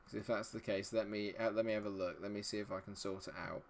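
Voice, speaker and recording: A man's voice: fairly low pitch, fairly even intonation, fast, gravelly. Chatty man live-streaming a game. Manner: chatty, greets viewers, mutters while fiddling with settings. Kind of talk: live-stream commentary talking to chat.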